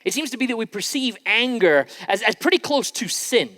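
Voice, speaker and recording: A man's voice: very high-pitched, expressive, fairly quick, fairly bright tone. A man preaching a sermon as pastor, in an informal, conversational way with frequent restarts. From Scotland. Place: church sanctuary. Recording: long reverb in a large church hall.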